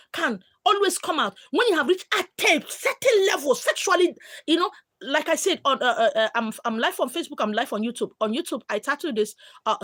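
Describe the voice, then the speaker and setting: A Nigerian woman hosting a live stream who tells stories candidly and animatedly, slipping into pidgin. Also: sits high. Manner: animated, mixing in pidgin, acting out quotes.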